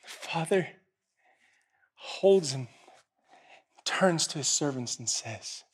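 A man with a rather high voice delivers a sermon. He tells the story dynamically, sometimes hushed and intimate, sometimes loud and urgent. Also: expressive, takes it slowly, pauses often, breathy edge. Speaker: preacher.

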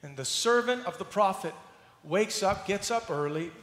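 High-voiced preacher in a reverberant hall. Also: male voice, normal speed. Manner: animated storytelling, acts out scenes with humor. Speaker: pastor. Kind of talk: sermon. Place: church sanctuary.

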